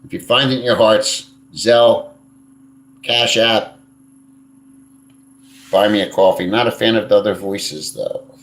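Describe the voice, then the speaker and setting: A man's voice: on the low side, measured pace, pauses often, fairly bright tone. A man hosting a casual live stream, answering viewer comments in a blunt, crude and rambling way, swearing freely. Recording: echoey room.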